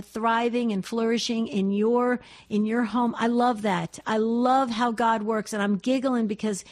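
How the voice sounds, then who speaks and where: Radio host: woman with a higher voice, gushing, stumbles and repeats herself. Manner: effusive, repetitive, stumbling restarts. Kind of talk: call-in radio talk.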